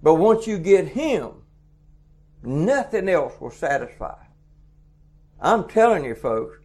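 A man's voice: high-pitched, very animated, unhurried, a little mellow. A man preaching a folksy sermon, chuckling often and acting out little dialogues. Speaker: truck stop preacher.

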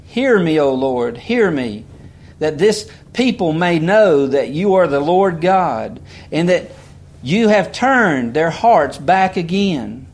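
High-voiced preacher reading scripture. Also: male voice, very animated, takes it slowly. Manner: reads in bursts with repeated words and asides. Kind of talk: sermon reading scripture aloud.

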